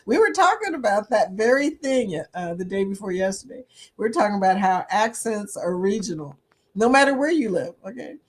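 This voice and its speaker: A woman's voice: mid-range voice, very animated, fairly quick. A woman hosting a casual livestream chat, laughing often and reading viewer comments aloud. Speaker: livestream host.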